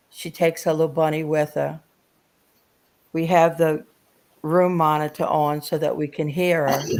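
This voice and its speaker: A woman's voice: fairly low pitch, darkish tone. A woman, co-hosting a live auction and telling a folksy family story at an easy pace. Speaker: co-host of a live auction stream. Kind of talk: casual storytelling.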